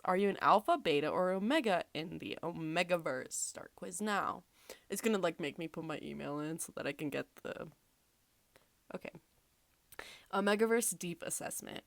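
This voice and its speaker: A woman's voice: on the low side, normal speed, vocal fry, dry recording. A woman hosting a casual podcast, reading quiz questions aloud with sarcastic, swear-filled asides and frequent laughter. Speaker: podcast host.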